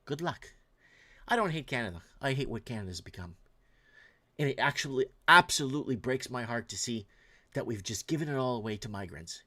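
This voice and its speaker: A man's voice: medium pitch, lively intonation, fairly quick, bright, forceful tone. A man from Portugal hosting a late-night call-in show, ranting with heated emphasis and reading out viewer messages. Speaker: talk show host.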